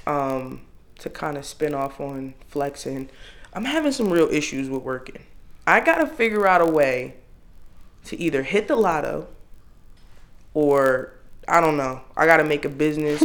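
A man in his thirties with a slightly high voice tells a long story among friends. He is loose and profane, and he leaps up in pitch whenever he acts out what he said. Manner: animated, profane, jumps into exclaimed quotes. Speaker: podcast co-host. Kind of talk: casual storytelling chat.

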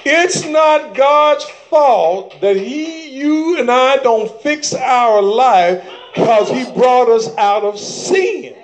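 A man preaching a sermon to his church, calling for amens and breaking into shouted bursts. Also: very high voice, animated, extremely slow, slight background noise.

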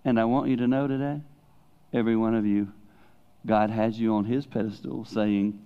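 Middle-aged male preacher: candid, animated storyteller with excited high-pitched peaks, dull lo-fi church recording. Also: moderate pace, clear, resonant tone. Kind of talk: sermon.

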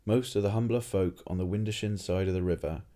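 A man narrates a story aloud in a steady way, sometimes restarting a phrase. His voice is deep and mellow. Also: fairly quick. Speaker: reader.

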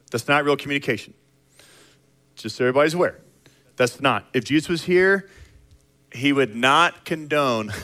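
Animated, bright-voiced middle-aged male pastor. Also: high voice. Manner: animated, conversational, acts out little scenes. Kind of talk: sermon.

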